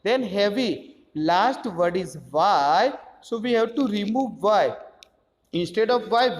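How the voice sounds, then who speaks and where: A man's voice: high voice, big-room sound. A man teaching a grammar lesson, explaining step by step and spelling out letters.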